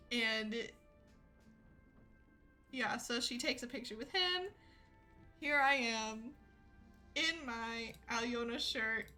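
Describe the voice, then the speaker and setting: A woman streamer tells a story to her live chat, talking in a chatty way with frequent laughter and many fillers. Her voice is high-ish and sharp, coming through a desk mic with a ring light setup on a low-quality recording.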